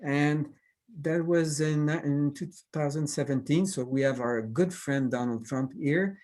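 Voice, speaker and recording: A man's voice: a little high, unhurried, darkish tone. A man with a Québécois French accent, a cartoonist whose first language is French, talking casually over a video call, hesitant and full of fillers and restarts.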